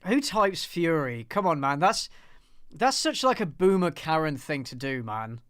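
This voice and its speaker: A man's voice: on the high side, big pitch swings, measured pace, fairly bright tone, no room sound, studio quality. A man hosting a casual live commentary on a film review, sarcastic and ranting with plenty of swearing and laughter. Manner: laughs often.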